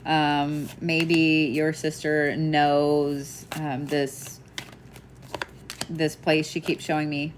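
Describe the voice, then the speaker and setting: A woman's voice: low-pitched, little pitch movement, very slow, slight background noise. A woman giving live psychic readings, casual and chatty, laughing and swearing now and then. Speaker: psychic medium.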